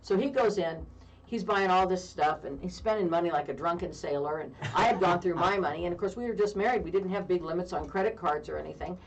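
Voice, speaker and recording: A woman in her fifties co-hosting a radio talk show, telling a long story in a lively way with frequent laughter. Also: fairly low pitch, fast talker, muffled recording. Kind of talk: casual on-air chat, storytelling. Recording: distant mic with faint background noise.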